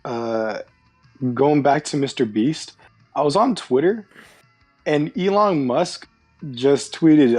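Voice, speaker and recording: A man's voice: mid-range voice, lively intonation, slow, a little mellow, breathy edge. A young man chats on a podcast call, retelling a story in a loose, trailing way with fillers. His voice sits mid-range. Faint music hums in the background. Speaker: podcast co-host. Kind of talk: casual chat.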